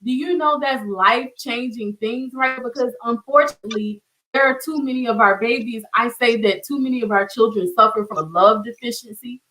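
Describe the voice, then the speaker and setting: A woman's voice: fairly high pitch, normal speed, bright, forceful tone, rough recording. A woman hosting an online community show, speaking with heartfelt emotion and often repeating her words. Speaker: host. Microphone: video call.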